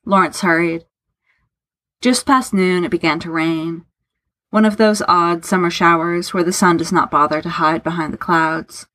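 Woman narrating a story, low and dry. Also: fairly even intonation, normal speed, a bit bright, no echo. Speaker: audiobook narrator.

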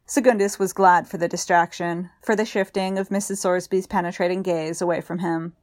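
A woman narrating a story in a calm, measured audiobook reading. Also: on the low side, dry recording, clean studio sound. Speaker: story reader.

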